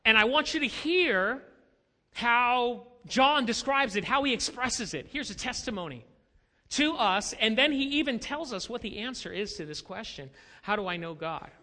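High-voiced animated preaching pastor. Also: male voice, moderate pace, big-room sound. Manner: preaching with animated, rising emphasis and rhetorical questions. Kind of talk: sermon.

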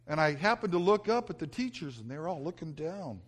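A man's voice: fairly high pitch, very animated, brisk, few pauses, husky. A middle-aged male pastor preaching a sermon, telling stories about himself and mocking himself as he goes. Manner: storytelling, self-mocking, acts out his own yelling.

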